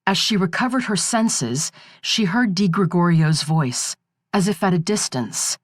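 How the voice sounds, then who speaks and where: A woman reading a thriller audiobook in a steady, measured narration. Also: fairly low pitch, no echo, studio quality.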